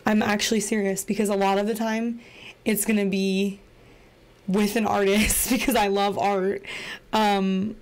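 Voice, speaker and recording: A woman's voice: medium pitch, little pitch movement, measured pace. Giggly, rambling young woman vlogger. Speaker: vlogger starting a podcast. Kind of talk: casual chat to camera.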